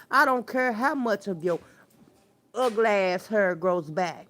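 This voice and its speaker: A woman's voice: mid-range voice, expressive, measured pace, a bit bright. A woman hosting a casual livestream, scolding someone in a sassy, trash-talking way, stretching out words for emphasis and greeting her viewers. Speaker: livestream host.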